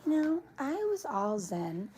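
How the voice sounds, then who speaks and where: Casual woman vlogger, slow unhurried delivery, higher voice, rambling outdoor chat. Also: big pitch swings, warm tone. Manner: chatty and meandering, often breaks off to scold her dog. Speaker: vlogger on a live stream. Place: backyard, outdoors.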